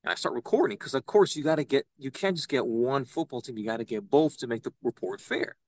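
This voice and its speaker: A young man, a podcast guest, telling an animated story and acting out the people he quotes. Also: mid-range voice, quick pace, no room sound. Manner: excitable, acts out quoted voices. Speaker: podcast guest, citizen news reporter.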